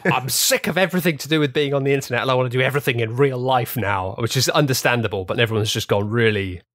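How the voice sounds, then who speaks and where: A man's voice: medium pitch, fast talker, a bit bright, no echo, studio quality. A man co-hosting a comedy podcast, rambling through anecdotes in casual chat. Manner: rambling anecdotes with mimicked quotes. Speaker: podcast co-host.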